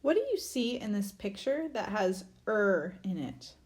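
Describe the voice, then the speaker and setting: A woman's voice: mid-range voice, very animated, measured pace, a little mellow. A young woman teaching a phonics lesson to small children, patiently sounding out letters and syllables and praising each attempt.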